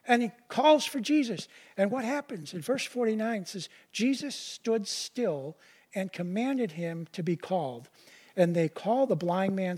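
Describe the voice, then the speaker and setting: A man's voice: high-pitched, darkish tone. A man preaching a sermon in a conversational way, often stopping to explain the verses he reads. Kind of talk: casual sermon.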